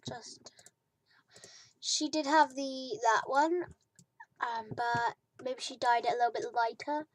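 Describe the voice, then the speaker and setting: A young British woman rambles chattily over her video game in a casual let's-play, stuffing gaps with "like" and trailing off into whispers. Her voice is fairly high and fairly even, with a measured pace and frequent pauses.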